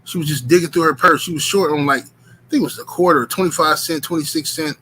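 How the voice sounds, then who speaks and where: A man casually telling a profane, rambling story to his stream chat, animated and full of filler words. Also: fairly high pitch, quick pace, slight background noise, rough recording.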